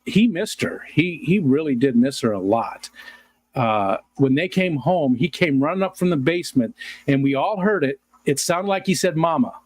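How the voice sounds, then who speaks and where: A man's voice: fairly high pitch, animated, normal speed. A middle-aged man hosting a livestream, rambling casually to his viewers and chuckling often as he answers comments. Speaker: livestream host.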